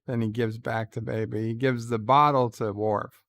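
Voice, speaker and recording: Hosting a live reaction stream, a man recounts the scenes, quotes lines in a plain voice, and reads out chat from viewers. He speaks at normal speed with a medium, steady, slightly bright voice and some vocal fry, recorded dry.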